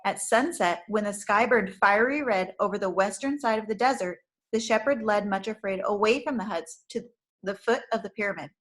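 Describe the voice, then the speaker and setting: A woman, a teacher, reading a chapter book aloud in a clear, careful manner. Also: mid-range voice, normal speed, low-quality recording.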